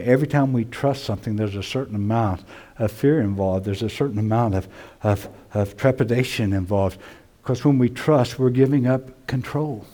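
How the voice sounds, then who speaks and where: A male pastor preaching a sermon to his congregation, swinging from loud emphasis to hushed, near-whispered lines. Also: medium pitch. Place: church sanctuary.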